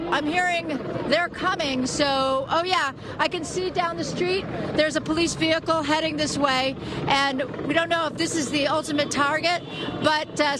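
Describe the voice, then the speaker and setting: A woman field reporter speaking live from a city street, hesitant and searching for words. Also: sits high. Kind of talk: live on-scene news report. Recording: loud crowd and street noise. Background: crowd and traffic.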